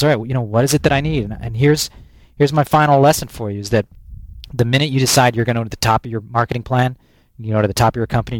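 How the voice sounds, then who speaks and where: In a storytelling interview, an American man speaks as a guest with plenty of energy, often restarting sentences and repeating words. His mid-range voice is heard close and dry, without room sound.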